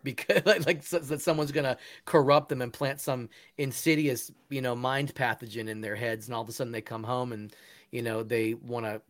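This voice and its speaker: A man's voice: mid-range voice, steady tone, brisk. A man talking as an interview guest, earnest and enthusiastic, often restarting his sentences. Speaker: guest, musician and education founder. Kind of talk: casual interview talk.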